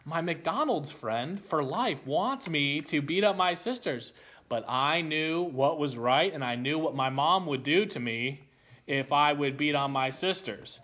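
A man preaching a sermon, telling a childhood story with animated delivery before explaining a Bible passage. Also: on the high side. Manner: animated storytelling, acts out voices.

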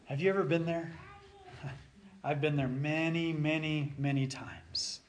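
A man preaching a sermon, swinging between loud urging and soft near-whispered passages. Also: fairly high pitch, fairly even intonation, unhurried.

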